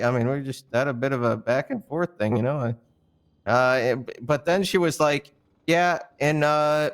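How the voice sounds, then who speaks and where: A man's voice: mid-range voice, fairly bright tone. A man in a roleplay stream, heatedly telling the story of why he fired someone. He rambles, stammers and swears often. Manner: fired-up and indignant. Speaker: roleplayer explaining a firing.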